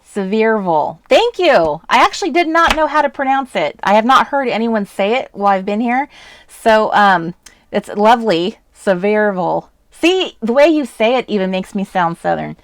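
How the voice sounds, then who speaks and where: A woman's voice: on the high side, very animated, normal speed. A woman from the US West Coast hosting a casual crafting live stream, talking in a chatty, rambling way and laughing often. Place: indoors at a home craft desk. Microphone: desk webcam setup.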